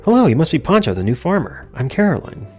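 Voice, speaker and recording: A man's voice: fairly high pitch, very animated, fast talker, a little mellow, faint music behind, pitched above the performer's own voice. A man voicing a friendly mother from a video game in a raised voice. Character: friendly mother, shopkeeper's wife.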